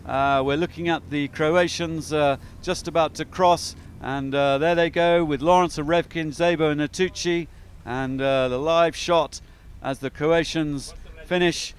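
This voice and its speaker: A man's voice: fairly high pitch, fairly even intonation, measured pace, clear, resonant tone. A man giving chatty, upbeat live commentary on a sailing race, with frequent fillers.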